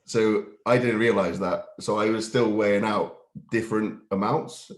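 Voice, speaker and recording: A man's voice: fairly low pitch, steady tone, moderate pace. A man telling stories in a casual podcast chat, laughing often and swearing freely. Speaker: podcast co-host and bodybuilding competitor. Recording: roomy echo.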